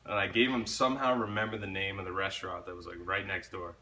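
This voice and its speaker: A man's voice: low voice, level tone, fast talker, bright, forceful tone. A young man telling a story in casual chat, laid-back, swearing often and laughing along.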